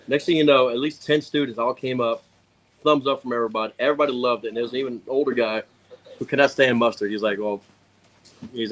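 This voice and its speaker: A man's voice: mid-range voice, quick pace. A man telling a funny story on a casual talk show, acting out what people said. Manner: animated, laughing storyteller acting out quotes.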